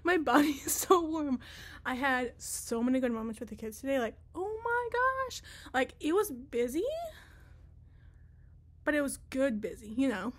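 A young woman who vlogs and teaches chats casually in a high, sing-song voice at a normal pace, with long pauses. She's bubbly, giggly, and rambling, a little out of breath from dancing.

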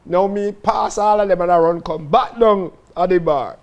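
A man with a Jamaican Patois accent telling stories from his own life in a lively, dramatic way, often calling out to his listeners. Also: high voice, normal speed. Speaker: storyteller recounting his life. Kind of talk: casual spoken autobiography.

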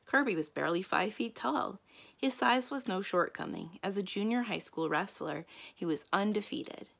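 Creaky-voiced librarian reading aloud. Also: female voice, medium pitch, normal speed. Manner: calm, inviting storyteller. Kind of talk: reading a children's book aloud.

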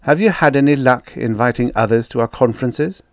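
A man voicing a polite, calm male linguist, speaking in a measured, slightly raised tone. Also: mid-range voice, dry recording, clean studio sound, voice pushed up, lightly acted.

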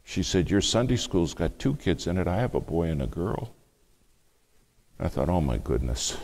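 A man preaching a sermon, telling a family story with hushed asides and louder bursts. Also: low-pitched, expressive, normal speed. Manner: dramatic storytelling, acts out quoted speech, shifts between hushed and loud.

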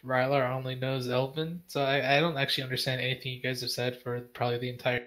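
Man, tabletop player, casual, joking, swears a lot, mid pitch. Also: level tone, fast, fairly bright tone. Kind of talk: casual tabletop game play.

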